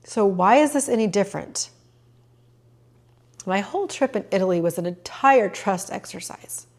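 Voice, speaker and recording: A woman's voice: mid-range voice, animated, normal speed, darkish tone. Earnest, emotional middle-aged woman. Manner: earnest, openly emotional, with many fillers. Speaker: podcast host. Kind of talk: personal reflective podcast monologue.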